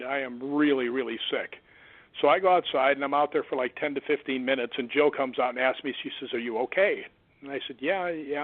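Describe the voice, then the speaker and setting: A man, a stuntman guest on an interview show, telling an eerie story in an animated way and acting out the voices of the people he quotes. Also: fairly high pitch, no room sound. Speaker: guest, stuntman and ghost hunter. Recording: tinny phone line.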